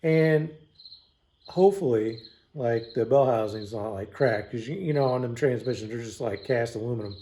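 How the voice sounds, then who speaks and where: A man's voice: mid-range voice, moderate pace, mellow. Brief: man, casual DIY mechanic vlogger, salty mouth, dry sarcasm, recorded in a home garage.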